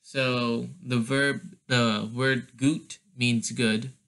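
A man's voice: medium pitch, flat delivery, very slow, a bit bright. A man teaching a casual language lesson, explaining step by step with a hesitant delivery and many fillers.

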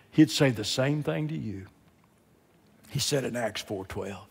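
A man's voice: medium pitch, lively intonation, measured pace, gravelly, slightly rough. Impassioned older man preaching in a hall. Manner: rises from quiet emphasis to loud, impassioned preaching. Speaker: guest preacher. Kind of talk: sermon. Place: large church sanctuary. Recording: long reverb of a large hall.

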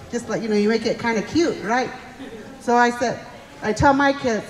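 A woman's voice: a little high, normal speed. A middle-aged woman comedian telling chatty, self-mocking stories on stage and acting out the voices of the people in them. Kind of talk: live stand-up comedy. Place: stage at a community fundraiser show. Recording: live hall reverb.

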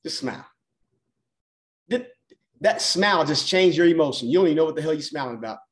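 A man's voice: fairly high pitch, animated, a little fast. A man coaching on a mindset call, talking emphatically and repeating key phrases for effect. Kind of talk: motivational call talk.

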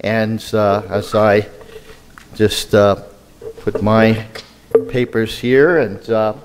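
A man's voice: lowish voice, steady tone, very slow, background noise. An older man with a New York accent, talking casually to a church as a guest minister, with many fillers. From Brooklyn, New York. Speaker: guest speaker, Messianic minister. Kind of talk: church talk.

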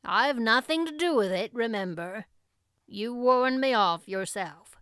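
A woman voicing a shy, mild older farmer who speaks hesitantly and softly. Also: on the high side, animated, clear, resonant tone, no room sound, clean studio sound. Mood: forlorn. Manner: hesitant, soft, drawn-out "well, now".

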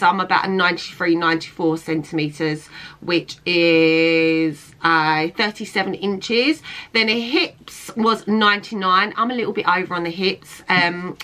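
A young woman chats casually to camera, filling her sentences with "like" and circling back to restart her thoughts. Her tone is bright and forward, sitting at an ordinary middle pitch. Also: low-quality recording. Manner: chatty, filler-heavy, with frequent "like" and restarts. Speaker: fittings model and vlogger. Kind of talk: casual talking-head vlog.

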